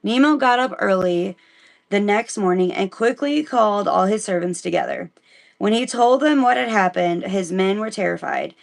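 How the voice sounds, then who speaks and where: A woman from Missouri reads Bible passages on a casual livestream and keeps breaking off to chat with her viewers. Her voice sits at a middle pitch with a gravelly, creaky texture. Her delivery is relaxed and conversational. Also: normal speed. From Missouri, United States. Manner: chatty, breaks off to talk to viewers, giggly asides. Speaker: live-stream host reading the Bible. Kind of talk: casual live-stream Bible reading.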